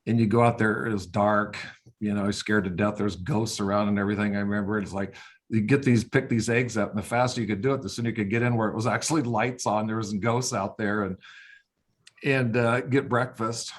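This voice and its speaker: An older man, a veterinarian, telling casual stories with lively sound effects. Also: lowish voice, a little fast. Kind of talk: casual storytelling.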